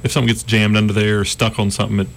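A man's voice: on the low side, level tone, very fast, creaky, slight background noise. A man working in computers at a radio station, joining the show in studio, easygoing and matter-of-fact.

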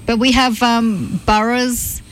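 A woman's voice: fairly high pitch, fairly even intonation, slow, slight background noise, poor audio. A woman co-hosting a radio show in casual chat, chatty and giggly, dropping in French. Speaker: radio co-host.

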